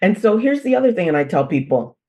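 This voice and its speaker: A woman as the expert guest on a parenting interview, telling animated stories, repeating phrases for emphasis and laughing as she talks. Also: on the low side, fast talker. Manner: laughs while talking. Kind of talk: conversational interview.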